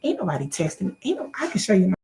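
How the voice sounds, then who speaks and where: A woman talking casually to her own channel's viewers, sassy and joking, repeating herself and jumping high when she gets worked up. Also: sing-song, racing, warm tone. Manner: sassy, joking, loose and repetitive. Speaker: YouTube creator. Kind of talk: casual chat to camera.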